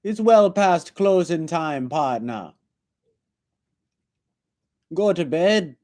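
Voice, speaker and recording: Guy doing a jokey jamaican accent bouncer, higher and louder, slow and mellow, teasing. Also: animated. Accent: put-on Jamaican. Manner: laughing, taunting, drawn-out. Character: mock Jamaican bar bouncer man, teasing.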